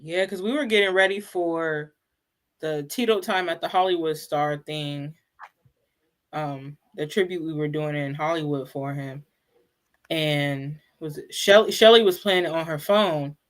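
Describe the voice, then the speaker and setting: A woman's voice: low-pitched, unhurried. A woman co-hosting a casual chat, retelling scenes by quoting people and laughing. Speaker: co-host.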